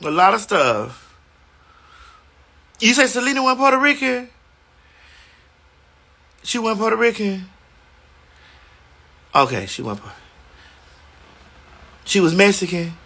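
A woman's voice: medium pitch, very animated, takes it slowly, pauses often, a bit bright, breathy edge. A woman hosting a casual phone livestream from a hotel room, sassy and playful as she chats back to viewer comments. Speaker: livestream host.

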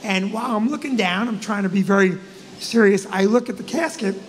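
High-voiced man telling a comic story. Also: a little fast, long reverb tail, slight background noise. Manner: animated, swears, shouts at punchlines. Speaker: comedian and co-host. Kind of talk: live stand-up storytelling.

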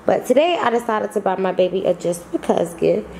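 Chatty woman with a gravelly voice. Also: medium pitch, lively intonation, a little fast, mellow, a little hiss or hum. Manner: chatty, slangy, laughs a lot. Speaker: vlogger. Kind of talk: casual vlog chat.

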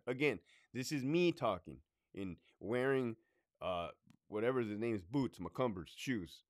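Animated swearing man in his thirties. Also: mid-range voice, measured pace, no echo, clean studio sound. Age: 30s. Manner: animated, swearing, laughing between points. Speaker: former prison lieutenant. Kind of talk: profane storytime rant.

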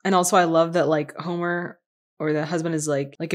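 A woman's voice: lowish voice, fairly even intonation, a little fast. A young woman hosting a movie reaction, chatting casually and exclaiming at the film.

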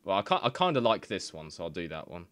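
A man's voice: low voice, very animated, fast talker, a bit bright, dry recording. A man, casually reading odd machine translations aloud, laughing and swearing as he goes. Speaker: gaming video creator.

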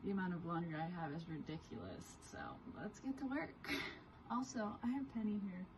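A woman in her twenties vlogging at home, giving her dog commands in a raised pet-talk voice and chatting quietly to the camera. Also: lowish voice, lively intonation, brisk, noisy background. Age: 20s. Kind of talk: casual vlog, training her dog. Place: home, indoors.

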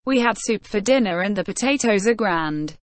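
A man's voice: sits high, lively intonation, moderate pace, no echo. Small, kindly old peasant soldier as read by a synthetic woman's voice; tender sing-song delivery, folksy and reassuring, audiobook. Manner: homely folksy sayings, warmly reassuring.

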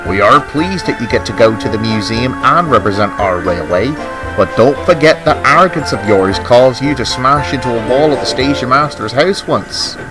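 Brief: man voicing a wise, cautious elderly male engine, gentle storybook style. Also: medium pitch, animated, moderate pace, music in the background, lightly acted, rough recording. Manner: careful, warning.

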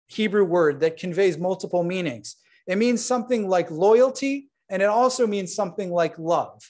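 High-voiced rabbi preaching earnestly. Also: male voice. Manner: earnest, warm address with asides to the congregation. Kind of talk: installation sermon. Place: synagogue sanctuary.

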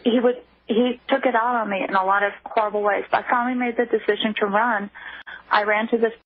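A woman from Texas with a Texan accent, telling her personal story as a radio interview guest, halting and restarting often as she speaks over a phone line. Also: a little high, steady tone. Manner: emotional, halting retelling with many restarts. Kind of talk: personal testimony on a radio call-in. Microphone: telephone.

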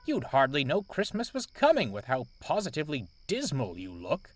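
A man voicing a brisk middle-aged male railway boss with a stern manner. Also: mid-range voice, wildly swooping pitch, no echo, soft background music, pitched above the performer's own voice. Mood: puzzled. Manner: stern, puzzled.

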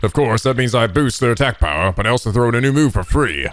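A man's voice: medium pitch, lively intonation, fast talker, pitched below the performer's own voice, close to an everyday voice. A man voicing a pompous, grandiose male wizard in a game. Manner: grandiose, haughty. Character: pompous male wizard who levels up partners.

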